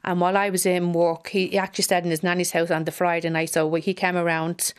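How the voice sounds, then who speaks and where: A middle-aged Irish woman, a bereaved mother, giving halting personal testimony that repeats phrases as she relives a hard day. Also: on the low side, level tone, clear, resonant tone.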